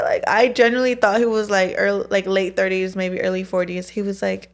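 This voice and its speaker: A woman in her twenties with a gravelly, fry-edged voice, chatting casually on a podcast. She tells stories in long runs, packed with fillers and swearing. Her pitch sits in a middle range. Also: steady tone, quick pace, few pauses. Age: 20s. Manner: storytelling with frequent swearing and fillers. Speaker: podcast co-host. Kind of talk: casual chat.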